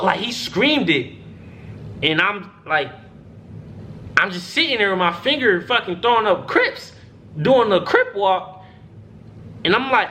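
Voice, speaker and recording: A man's voice: high-pitched, moderate pace, a little hiss or hum. A young man telling a story in a casual, profane way, acting out what other people said. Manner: animated, profane, acts out other people's lines.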